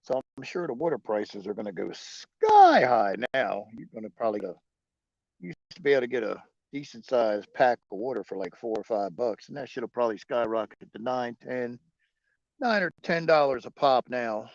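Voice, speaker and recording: Gravelly man rambling on a livestream. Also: medium pitch, big pitch swings, moderate pace, darkish tone, dry recording, muffled recording. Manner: profane, rambling, chuckling often. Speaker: livestream host. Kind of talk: casual livestream chat answering viewers.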